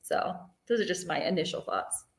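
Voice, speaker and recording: A woman's voice: fairly low pitch, expressive, normal speed. Woman therapist chatting, lots of "like"s, sounds kinda roomy and echoey. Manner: thoughtful, many "like" fillers. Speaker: therapist guest. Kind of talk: casual discussion.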